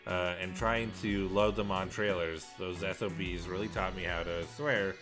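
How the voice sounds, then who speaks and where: A man's voice: deep voice, steady tone, moderate pace. A man streaming a game, chatting with viewers and reading the story aloud, with a bit of a cough. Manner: chatty, laughs often, talks to chat. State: coughing and clearing throat. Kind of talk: live game playthrough, reading dialogue aloud. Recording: game music playing behind.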